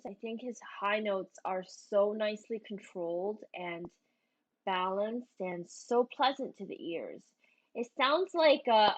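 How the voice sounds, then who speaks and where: Calm woman giving measured praise. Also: medium pitch. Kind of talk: measured reaction commentary. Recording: dull lo-fi sound.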